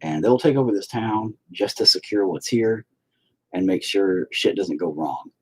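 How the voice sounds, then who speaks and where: Profane rambling husky-voiced man. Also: fairly low pitch, animated, measured pace, a little mellow. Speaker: livestreamer painting while chatting. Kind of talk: casual stream chat. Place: home, indoors.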